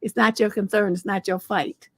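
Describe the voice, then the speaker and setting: A woman's voice: mid-range voice, steady tone, moderate pace, a bit bright, breathy edge, no room sound. A woman relationship coach on a livestream advice show, giving blunt, scolding advice with rhetorical questions and salty language.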